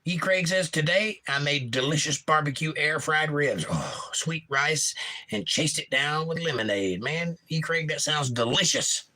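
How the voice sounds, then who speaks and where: A man's voice: fairly high pitch, animated, a little slow, sharp tone, poor audio. A man hosting a casual livestream, reading viewer comments aloud and joking about them in a playful way. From Florida. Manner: jokey, reads chat aloud with goofy voices. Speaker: livestream host.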